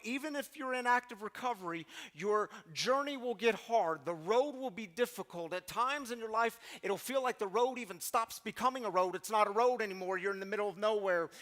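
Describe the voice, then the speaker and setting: A middle-aged man with a high, slightly bright voice leads a recovery group through a sincere motivational talk. He acts out pleading quotes, his intensity climbing as he goes.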